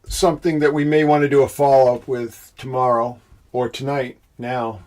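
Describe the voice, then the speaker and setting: A man's voice: medium pitch, flat delivery, moderate pace, darkish tone. Breathless, congested man thanking livestream viewers. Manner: hesitant, many fillers, thanks viewers by name; insinuating, rhetorical asides. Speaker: host of a livestream presentation. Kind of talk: casual livestream chat, reading viewer comments.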